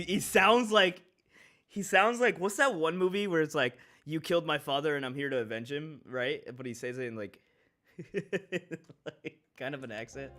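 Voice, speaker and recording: Male streamer, casual gaming chat, joking, laughs a lot, bright sharp voice, fairly high, game music under. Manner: joking, laughs often, drops Spanish exclamations.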